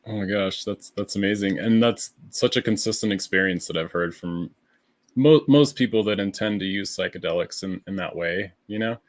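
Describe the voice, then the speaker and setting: Deep-voiced man chatting as a guest. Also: normal speed, no echo. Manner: relaxed, thoughtful, many fillers. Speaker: podcast guest, artist. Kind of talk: casual chat.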